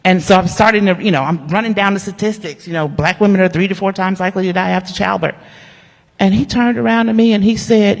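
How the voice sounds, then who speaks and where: A woman, an award honoree giving an animated, humorous storytelling speech that talks straight to the audience. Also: medium pitch, quick pace, creaky. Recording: long hall reverb.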